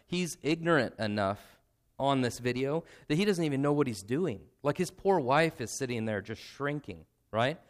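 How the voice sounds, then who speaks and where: A man's voice: medium pitch, expressive, moderate pace. Earnest man preaching a sermon. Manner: earnest and emotional, nearly tearful at times; conversational, with frequent "right?" asides and repetition. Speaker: pastor.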